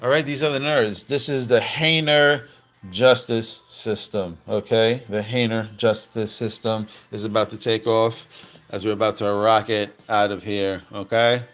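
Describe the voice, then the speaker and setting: A man giving excited, slangy commentary over cartoon clips, repeating himself and calling out to viewers. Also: on the low side, a little slow. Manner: hyped, slangy, repeats phrases, calls out "baby" and "fam". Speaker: crypto commentator.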